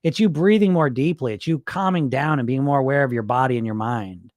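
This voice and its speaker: A man's voice: medium pitch, a little fast, a little mellow, no room sound, studio quality. A middle-aged man, a weight loss coach, talking casually and bluntly to his viewers and swearing freely. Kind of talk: casual direct-to-camera talk.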